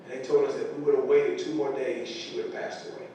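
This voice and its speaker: A man's voice: level tone, fast, mellow. Earnest man in an echoey hall. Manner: earnest, emotional storytelling. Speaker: parent speaking to school staff. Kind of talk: motivational speech. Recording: echoey large room from far off, faint rumble.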